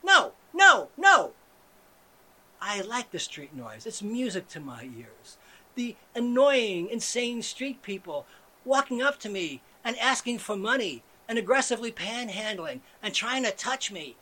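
A man hosting a satirical comedy monologue, ironically swinging between hushed, mellow murmurs and sudden loud outbursts. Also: high-pitched, expressive, measured pace. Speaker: show host.

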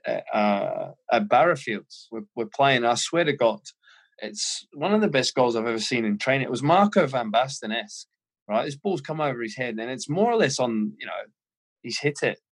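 An Australian man, a former footballer, telling animated anecdotes as a guest in a casual interview, often laughing. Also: medium pitch.

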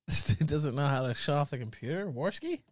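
A man's voice: a little high, lively intonation, fairly quick. A man hosting a live stream, mocking a clip with crude, sardonic commentary. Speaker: stream host reacting to clips.

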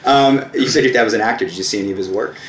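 A man interviewing a musician, asking relaxed, prompting questions. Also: fairly low pitch, racing, a little hiss or hum. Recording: echoey room with faint ambience.

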